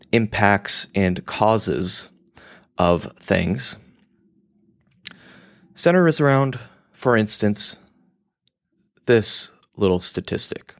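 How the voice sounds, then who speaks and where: A man hosts his own podcast in a slow, unhurried monologue. His voice sits on the low side. He rambles and swears casually, and he often laughs at himself. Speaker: podcast host.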